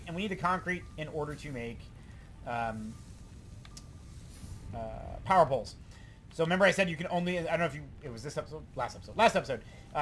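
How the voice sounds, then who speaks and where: A man hosting a let's play, giving excitable, rambling gameplay commentary and talking to himself. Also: a little high, slight background noise.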